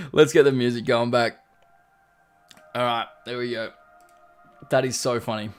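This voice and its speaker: A man hosts a relaxed live stream. His chatty voice sits mid-range as he reads viewer comments aloud and reacts to them. Faint music plays softly behind him. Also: mid-range voice, unhurried, clear, resonant tone. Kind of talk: casual live-stream chat. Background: faint background music.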